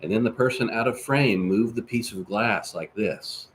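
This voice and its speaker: Podcast host, male, lowish voice, casual rambling live-chat delivery, light background ambience. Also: normal speed, slight background noise. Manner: jokey and rambling. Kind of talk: casual live-stream chat, reading viewer comments.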